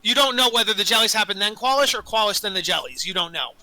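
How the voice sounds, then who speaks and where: A man acting as dungeon master narrates a tabletop game, rambling with lots of fillers and quick self-corrections. His voice is high, animated, and sharp, and the audio quality is poor.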